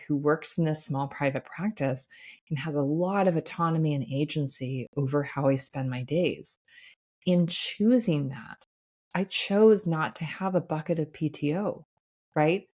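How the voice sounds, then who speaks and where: A woman's voice: sits low, darkish tone. A woman hosting a solo podcast as a life coach, talking in an earnest, reassuring way with frequent "right?" asides.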